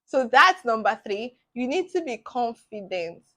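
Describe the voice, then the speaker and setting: Bubbly Nigerian woman, lively high voice. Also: unhurried. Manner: bubbly, animated, laughs often. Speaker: medical student vlogger. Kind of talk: casual advice vlog.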